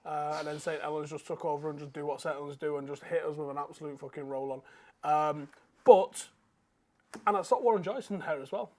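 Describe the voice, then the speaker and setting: A man with a voice pitched a little above the usual male range, co-hosting a casual sports podcast. His commentary is dry and exasperated, with an easygoing, matey delivery. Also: a little fast, mellow. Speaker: podcast co-host. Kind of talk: casual chat.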